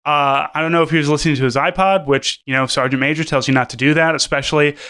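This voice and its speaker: A man's voice: fairly high pitch, fairly even intonation, fast talker, pushed and bright, smooth. A man co-hosting a podcast, chatting casually with lots of fillers, restarts and swearing. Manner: rambling, profane, many fillers and restarts. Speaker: podcast co-host.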